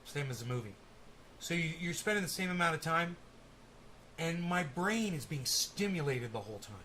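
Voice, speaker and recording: Bright-voiced, profane stream host. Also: male voice, on the high side, lively intonation, moderate pace, a little hiss or hum. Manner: rambling, profane, testy banter. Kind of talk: casual live-stream chat.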